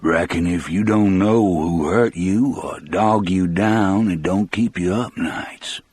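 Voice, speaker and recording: A man voicing a huge, gentle prisoner in an audiobook, speaking softly and humbly with a Southern accent. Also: deep voice, slow pace, husky, dry recording, heavily acted. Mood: humble. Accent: American Southern. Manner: soft, humble, plain-spoken. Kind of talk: audiobook character voice.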